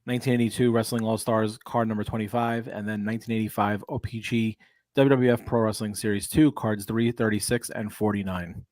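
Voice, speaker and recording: A man's voice: on the low side, fairly even intonation, fairly quick, darkish tone, no echo. A man co-hosting a live podcast in casual chat, plain-spoken and sometimes restarting his sentences. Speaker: podcast co-host.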